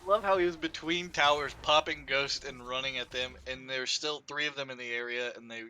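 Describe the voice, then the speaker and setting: Bright-voiced esports color commentator, man. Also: mid-range voice, a little fast, slight background noise. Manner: laid-back, joking analysis with many fillers. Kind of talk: live esports analysis.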